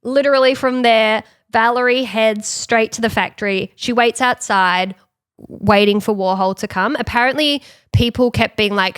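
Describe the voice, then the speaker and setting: A woman's voice: fairly high pitch, moderate pace, a bit bright, clear, resonant tone, no room sound, studio quality. A woman co-hosting a podcast, telling a true-crime story in a casual, chatty way. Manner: narrates the story, laughs often. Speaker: podcast co-host.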